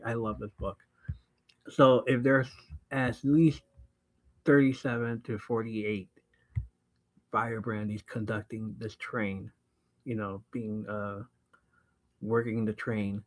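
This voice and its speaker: A man hosting a podcast, casually recapping a book, excitable and laughing often, swearing freely. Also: lowish voice, poor audio. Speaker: podcast host.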